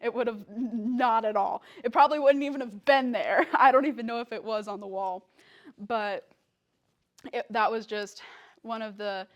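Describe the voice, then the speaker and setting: A woman's voice: a little high, normal speed. A young woman, a guest speaker, telling a personal story to a church congregation in a casual, chatty way with many fillers. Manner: casual storytelling with fillers, acts out quoted lines.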